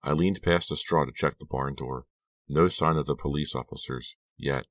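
A man narrating an audiobook in a measured, dramatic first-person reading. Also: extremely low pitch, no echo. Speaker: audiobook reader.

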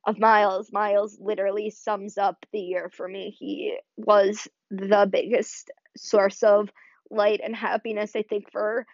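A woman's voice: medium pitch, level tone, a little slow, no echo. Choked-up woman, earnest podcast monologue. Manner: earnest, rambling, many "like" and "you know" fillers. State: emotional, choked up near tears. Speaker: podcast host. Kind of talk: heartfelt solo podcast monologue. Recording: dry, slightly dull lo-fi sound.

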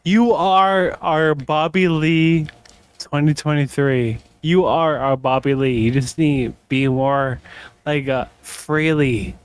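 A man's voice: fairly high pitch, fairly even intonation, takes it slowly, smooth. A drunk man co-hosting a podcast, rambling and repeating himself with bursts of laughter. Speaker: podcast co-host. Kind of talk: casual chat.

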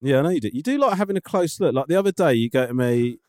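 A man's voice: medium pitch, racing, no room sound, studio quality. Sweary, teasing man. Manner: sweary, teasing, animated storytelling. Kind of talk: casual banter.

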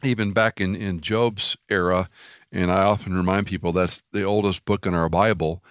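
A man's voice: sits low, fairly even intonation, moderate pace, no room sound, studio quality. A man from Houston, Texas hosting an interview, talking emphatically and telling stories with quoted dialogue. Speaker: host. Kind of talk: interview conversation.

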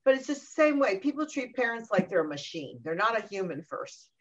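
A middle-aged woman talking about parenting in a casual conversation, animated and often acting out what other people say. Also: on the high side, a little fast. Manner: animated, acts out quoted voices. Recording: dull lo-fi recording.

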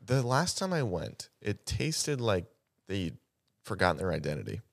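A man's voice: on the low side, big pitch swings, moderate pace, creaky. A man co-hosting a podcast in casual chat, teasing the others, talking a lot and laughing often. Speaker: podcast co-host.

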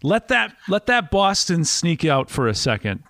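A man's voice: on the high side, sing-song, unhurried, a bit bright, no echo, clean studio sound. A man with a neutral broadcast voice, hosting a casual interview podcast in an upbeat, playful way. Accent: none, neutral broadcast. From Wisconsin. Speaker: podcast host.

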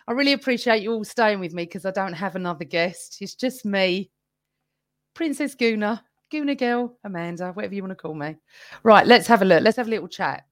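A woman's voice: medium pitch, a little fast, no echo, clean studio sound. A woman hosting a live fan podcast on her own, chatting casually with viewers and reading out their comments. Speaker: podcast host. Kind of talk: live-stream fan chat.

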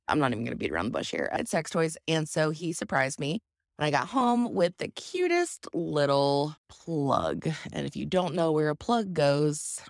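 Low-voiced woman telling a candid story. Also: gravelly, dry recording, clean studio sound. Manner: candid, self-deprecating, animated retelling with laughs. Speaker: podcast host. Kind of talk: casual comedic storytelling.

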